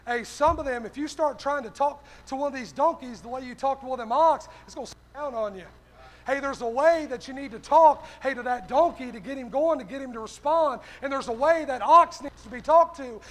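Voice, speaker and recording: A man's voice: very high-pitched, brisk, a bit bright. A male pastor preaching a sermon, punching his lines with a repeated "hey".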